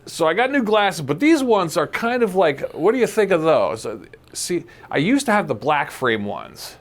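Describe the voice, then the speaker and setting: A man's voice: fairly high pitch, very animated, moderate pace. A man hosting a podcast in casual chat, jokey and rambling, laughing often. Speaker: podcast host.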